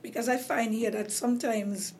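A woman's voice: fairly high pitch, fairly even intonation, normal speed, darkish tone. A woman with a Caribbean accent hosting a casual interview chat, rambling with many fillers and restarts while she is losing her voice. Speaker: host.

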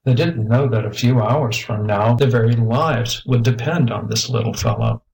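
A man's voice: mid-range voice, moderate pace, creaky, a little mellow, low-quality recording. A man steadily reading a children's space adventure story aloud. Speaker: narrator.

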